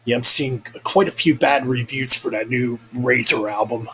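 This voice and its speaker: A young man rambles casually in a vlog at a moderate pace, swearing freely and catching his own mistakes as he goes. His voice is medium-pitched, a bit bright and slightly rough, and the audio is poor.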